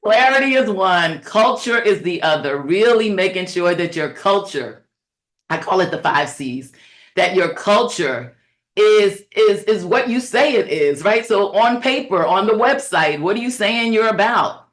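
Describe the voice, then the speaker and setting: A woman's voice: mid-range voice, animated, unhurried. A middle-aged woman coaching childcare owners in a webinar talk, earnest and conversational with many fillers, and preacherly as she cites scripture.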